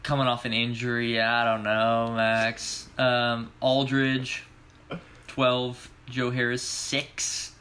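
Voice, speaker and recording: A man's voice: mid-range voice, completely flat delivery, slow, bright, forceful tone. A young man co-hosting a casual sports podcast, laid-back, laughing easily and rattling off stats. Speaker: podcast co-host.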